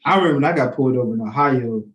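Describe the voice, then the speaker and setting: A man's voice: mid-range voice, rapid-fire, fairly bright tone. A man co-hosting a podcast, chatting casually and telling stories, often acting out the voices of people he quotes. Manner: storytelling, acts out quoted voices. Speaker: podcast co-host. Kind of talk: casual chat. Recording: roomy echo.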